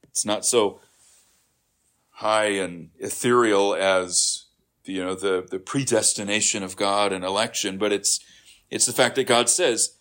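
A man's voice: on the low side, steady tone, unhurried, a bit bright. A man preaching a sermon after a scripture reading, explaining in a conversational way and often checking in with the congregation. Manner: conversational, frequent "right?" checks, restarts.

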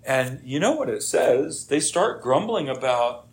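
Slow-preaching man, middle-aged pastor. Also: mid-range voice, sing-song, breathy edge. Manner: slow, dramatic preaching with voiced prayers and quoted grumbling. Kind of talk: sermon.

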